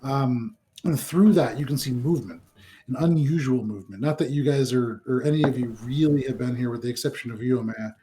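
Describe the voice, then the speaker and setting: A man running a tabletop game as dungeon master, narrating scenes in a relaxed way with many ums and kind ofs. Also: medium pitch, brisk.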